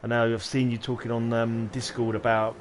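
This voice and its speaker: A man's voice: medium pitch, completely flat delivery, fairly quick, a little hiss or hum. Chatty man muttering while gaming. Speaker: game streamer. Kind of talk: casual livestream chat while playing.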